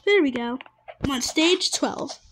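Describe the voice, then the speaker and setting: A woman giving casual gameplay commentary, chatty and excitable and easily startled. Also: sits high, a little slow, slight background noise. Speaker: gamer.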